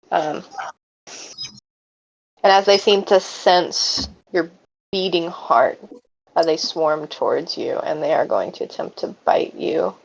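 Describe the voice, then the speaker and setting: A woman's voice: deep voice, gravelly. A woman narrating a tabletop game as game master, with vivid descriptive narration. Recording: dull lo-fi audio.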